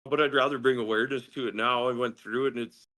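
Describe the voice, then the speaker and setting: Middle-aged man, podcast guest, swears freely, lively animated storytelling, mid-range voice. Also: mid-range voice, quick pace. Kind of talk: casual storytelling.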